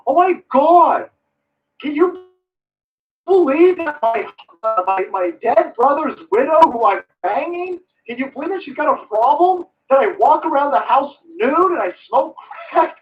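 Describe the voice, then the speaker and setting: A man voicing a shameless grown man who whines to his father in a high, mocking voice. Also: lively intonation, unhurried, lo-fi sound, faint music behind.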